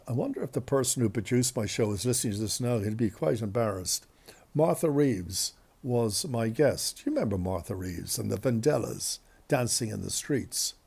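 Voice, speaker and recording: A man's voice: mid-range voice, creaky, a little mellow, slightly rough. A male radio host telling embarrassing stories in a chatty, self-deprecating, rambling way. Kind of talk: anecdotal storytelling.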